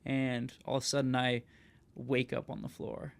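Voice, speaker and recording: A man's voice: mid-range voice, completely flat delivery, normal speed, gravelly, clean tone. A young adult man, a podcast host, telling a personal story in casual conversation, earnest and often asking "right?".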